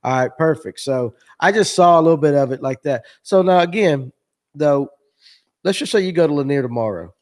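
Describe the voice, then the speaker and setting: A man's voice: a little high, lively intonation, a little fast, a little mellow. Laid-back man hosting a fishing chat. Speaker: show host. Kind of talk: casual live-stream chat.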